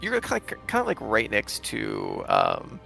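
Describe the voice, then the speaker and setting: Male game master, gravelly voice, ums and restarts as he narrates, faint music behind. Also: fairly low pitch, wildly swooping pitch, bright, forceful tone. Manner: halting, full of fillers and self-corrections.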